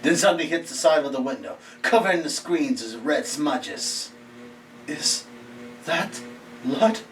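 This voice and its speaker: A man reading a scary short story aloud in a slow, halting way, often dropping to a hushed near-whisper. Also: on the high side. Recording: distant mic with faint background hiss.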